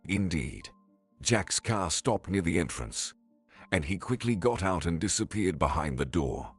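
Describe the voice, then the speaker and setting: A man narrating a scripted family drama story in a steady manner. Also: low-pitched, measured pace, breathy edge, faint music behind.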